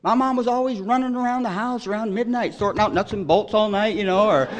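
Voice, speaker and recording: A middle-aged man tells his own recovery story at a support meeting. He speaks in a slightly higher register than most men. He rambles in a loose, self-deprecating way and keeps returning to "you know.". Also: fast. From Detroit, raised in California. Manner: wry, self-deprecating humor. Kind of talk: AA share, storytelling.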